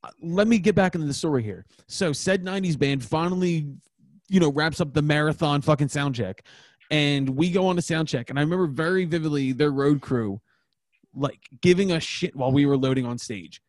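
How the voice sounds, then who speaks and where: A man's voice: on the high side, a little fast, dry recording. A man co-hosting a casual chat, telling a road story full of heated profanity. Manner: heavy swearing, heated and animated storytelling. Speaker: podcast co-host, touring musician.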